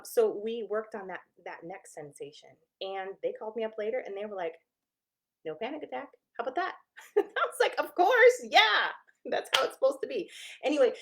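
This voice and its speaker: A woman's voice: mid-range voice, darkish tone. A woman therapist explaining to viewers in a casual, candid, conversational way, often correcting herself mid-sentence.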